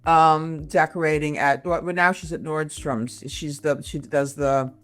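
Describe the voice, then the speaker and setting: A woman in her sixties, from Michigan, talking as a comedian guest in a casual interview, animated and full of quick asides and restarts. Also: low-pitched, soft background music. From Michigan, USA. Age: 60s.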